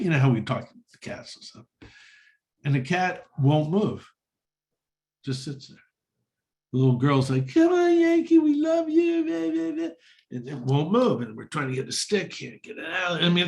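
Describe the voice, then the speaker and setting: A man speaking as a guest speaker, telling a story to a meditation group, with quick acted-out quotes. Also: mid-range voice, rough recording. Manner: animated anecdote with quick acted-out quotes of others.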